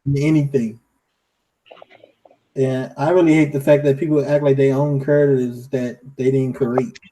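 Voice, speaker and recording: A man's voice: medium pitch, flat delivery, normal speed, warm tone, slight background noise, rough recording. A man co-hosting a podcast, telling stories in casual chat with fillers. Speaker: podcast co-host.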